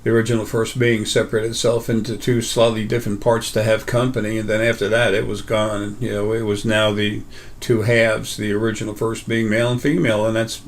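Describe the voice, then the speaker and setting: A man's voice: lowish voice, little pitch movement, fairly quick. A man hosting a casual metaphysical talk, rambling with many fillers and restarts. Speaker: host.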